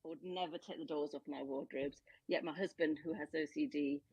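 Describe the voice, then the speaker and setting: A woman in her forties, a caller in a group chat, talking in a lively, emphatic way about her four kids. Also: deep voice, fairly quick, slightly rough, dry recording, highs cut off. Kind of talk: casual chat.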